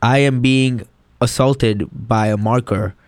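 A man's voice: mid-range voice, steady tone, darkish tone, no echo. A man co-hosting a college radio show, chatting casually in a playful, teasing way. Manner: playful, teasing, quick to joke.

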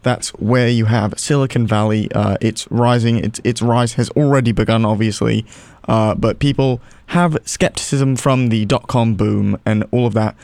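Wry college radio host, dry studio sound. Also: male voice, mid-range voice, fairly even intonation, moderate pace, vocal fry, darkish tone, no echo. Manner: wry, sarcastic, with many "uh" fillers. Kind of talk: casual radio chat.

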